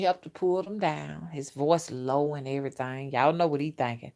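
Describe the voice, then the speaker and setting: Lady spiritual reader ranting, blunt and graphic, lowish voice. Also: normal speed, gravelly, a little mellow. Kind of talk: casual monologue.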